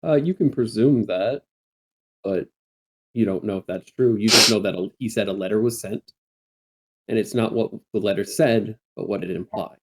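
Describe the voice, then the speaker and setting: A man running a tabletop game as dungeon master, calmly describing scenes and calling for dice checks. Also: on the low side, normal speed.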